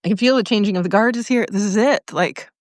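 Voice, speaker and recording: A woman's voice: mid-range voice, fast, dry recording. Chatty woman on a phone livestream outside, lots of giggles, dry close sound. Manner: bubbly, laughs often, greets viewers. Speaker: livestream host. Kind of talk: casual livestream chat.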